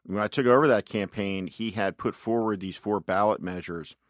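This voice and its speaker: A man's voice: fairly low pitch, normal speed, no echo, clean studio sound. A man, a political campaign strategist, telling anecdotes in an interview, often quoting others and saying "you know.". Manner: anecdotal, quotes people at length, frequent "you know". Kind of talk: interview storytelling.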